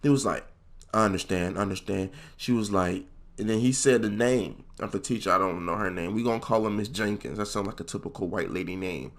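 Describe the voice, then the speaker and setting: Speaking fairly quickly, a young man recounts a funny school-days story in a casual, profane, slang-filled way. He jumps into high voices whenever he quotes someone.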